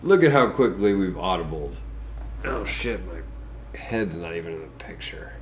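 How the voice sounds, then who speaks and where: A man's voice: deep voice, lively intonation, a little slow, a little hiss or hum. A man hosting a casual podcast while congested from a cold, talking in a crude, joking, rambling way. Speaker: podcast host.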